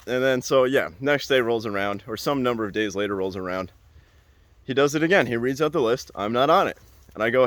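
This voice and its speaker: A young adult man hosting a podcast, telling a story in a casual, animated way and repeating phrases for emphasis. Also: mid-range voice, brisk, no echo. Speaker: podcast host.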